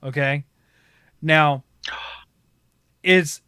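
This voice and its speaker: A man hosting a casual gaming podcast who tells rambling, animated stories and laughs often. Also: on the high side, drawn-out words, smooth, no echo, studio quality. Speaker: podcast host. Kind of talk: casual storytelling chat.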